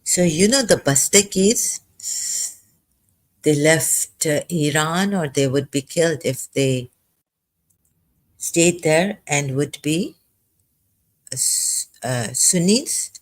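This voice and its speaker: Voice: medium pitch, slow, long pauses. A vlogger in their fifties, rambling and tearful, breaking off with fillers and apologies. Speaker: video blogger. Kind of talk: rambling emotional commentary.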